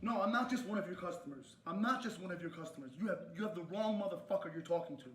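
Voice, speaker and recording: A man with a fairly high voice rants at a store over the phone, aggressive and profane, repeating himself again and again. The recording sounds roomy and echoey. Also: fast, a little hiss or hum. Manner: aggressive, repeats demands, swears. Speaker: customer complaining to a store. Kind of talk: heated phone argument.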